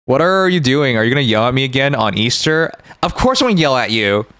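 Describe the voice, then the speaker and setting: A man rambles and jokes with his chat during a live stream. His pitch rises and falls in an animated way. The sound is dry and close, with no room behind it. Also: fast talker, clear, resonant tone, no room sound. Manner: rambling, joking, talks to chat.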